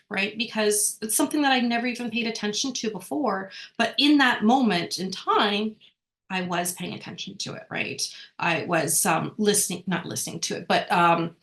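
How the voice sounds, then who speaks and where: A woman leading a workshop lesson, talking conversationally, often checking in with "right?" and correcting herself as she goes. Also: mid-range voice. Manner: rambling with frequent self-corrections. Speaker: workshop speaker. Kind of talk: informal teaching talk.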